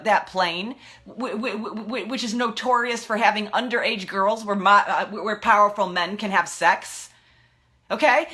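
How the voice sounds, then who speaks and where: A woman's voice: fairly high pitch, sharp tone. A woman ranting about politics in a frustrated, heated way, often stumbling and restarting her words. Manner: exasperated, ranting, stammering restarts. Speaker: political video blogger. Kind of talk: impassioned political rant.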